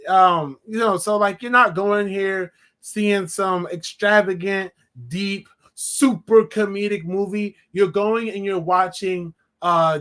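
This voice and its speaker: A man's voice: high voice, a bit bright. A man giving a casual, rambling spoken film review, with lots of fillers and restarts.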